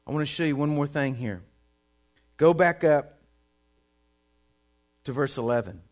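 High-voiced preacher. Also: male voice, animated, unhurried. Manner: dynamic preaching, swinging from loud bursts to hushed tones. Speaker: pastor. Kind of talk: sermon.

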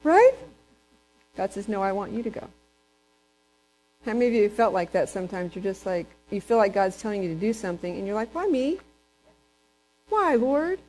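A woman preaching a sermon, animated and conversational, breaking into high excited voices when she quotes people. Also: quick pace, poor audio.

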